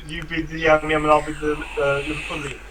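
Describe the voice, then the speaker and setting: A man's voice: on the high side, monotone, quick pace, a bit bright, slight background noise, low-quality recording. A man co-hosting a live stream, chatting casually with dry, understated quips. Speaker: co-host of a vaping live stream.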